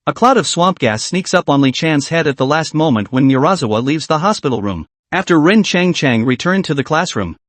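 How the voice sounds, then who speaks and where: A man reads out a comic story recap as its narrator. His voice sits a little high and leaps around in pitch. The sound is dry and close. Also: dry recording.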